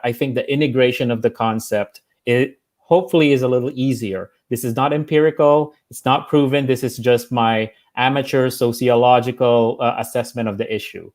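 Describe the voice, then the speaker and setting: A man's voice: medium pitch, a little mellow. A Filipino American man in a casual livestream discussion, talking thoughtfully with many fillers and restarts. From United States. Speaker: panelist.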